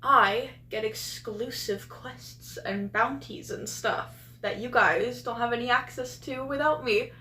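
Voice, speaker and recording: Smug greedy cat girl rogue, a woman putting her on, slow and bright. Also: on the high side, reverberant, slight background noise. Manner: smug, sly.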